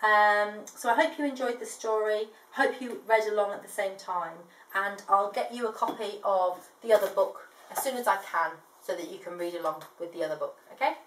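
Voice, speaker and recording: A woman reading a storybook aloud to a child, gentle, with chatty asides between pages. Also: mid-range voice, normal speed, hardly any pauses, slight background noise. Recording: echoey room, distant mic.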